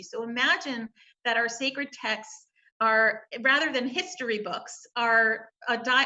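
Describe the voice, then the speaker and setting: A woman's voice: on the high side, pushed and bright. A woman rabbi speaking on a panel, reflecting on scripture and posing open questions as she retells the story.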